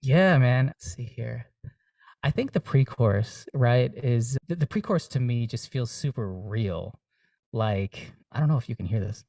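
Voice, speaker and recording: A man's voice: medium pitch, expressive, unhurried, creaky, darkish tone, dry recording, studio quality, far from the mic. A young man, a singer-songwriter guest, talking earnestly and reflectively in a casual interview, with many fillers and restarts.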